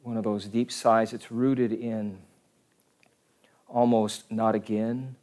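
Low-voiced priest telling jokes in a homily. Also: male voice, flat delivery, mellow. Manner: conversational storytelling with pauses.

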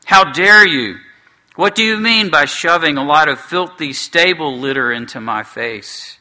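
A gruff, stubborn dwarf from a storybook, raised in pitch and pushing loud, scornful and quick to shout, as a man reads him aloud. The tone is bright and sharp-edged. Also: full character voice. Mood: surly scorn. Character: surly gruff male dwarf, blind, stubborn.

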